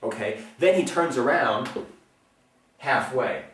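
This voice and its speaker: A man explaining self-defense as an instructor, speaking earnestly and often checking in with a quick "okay?". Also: medium pitch, lively intonation, fairly bright tone, far from the mic, slight background noise. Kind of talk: instructional talk. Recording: roomy, mic set back from speaker.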